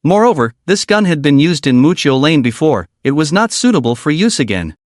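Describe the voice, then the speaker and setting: A man narrating a story recap in a brisk storytelling manner. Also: fairly high pitch, very animated, dry recording, studio quality.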